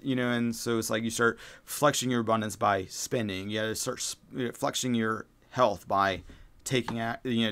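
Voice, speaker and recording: A man's voice: fairly low pitch, a bit bright. A man hosting a spiritual self-help podcast, talking casually and rambling, with many fillers and restarts and the odd swear word. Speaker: podcast host.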